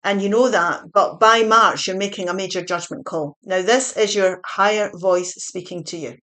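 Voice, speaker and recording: A woman talks through a tarot reading month by month. She sounds chatty and reassuring, with a mid-pitched voice, and she pauses to correct her own slips before carrying on. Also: a bit bright. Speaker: tarot reader.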